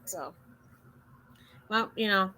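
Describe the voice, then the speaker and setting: A woman hosting a casual livestream chat, telling a story with lively, acted-out dialogue. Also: mid-range voice, slow, slight background noise. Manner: animated storyteller, acts out quoted dialogue. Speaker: livestream host.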